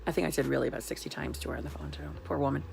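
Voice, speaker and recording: A woman in her thirties from New York State, telling a sarcastic, animated venting story in a vlog. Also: rumbling low, very fast, vocal fry. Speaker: vlogger.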